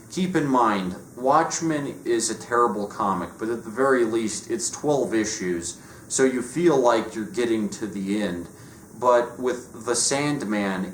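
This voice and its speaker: Sardonic man, low-ish voice, profane rant, echoey room. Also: a bit bright. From United States. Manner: sarcastic, profane, dismissive. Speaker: comic book reviewer. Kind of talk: casual rant review. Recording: echoey room with faint noise.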